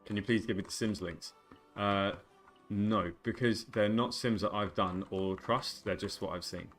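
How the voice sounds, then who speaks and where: Faint music plays behind this twentysomething gamer as he banters, jokes and rambles with his chat. He speaks at a normal speed in a lowish, fairly bright voice with fairly even intonation.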